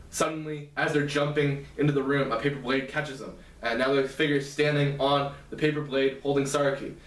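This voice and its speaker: A man casually retelling a novel's plot as a lecture, halting and restarting often. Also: medium pitch, a bit bright. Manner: halting, many fillers and restarts. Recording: roomy, distant mic.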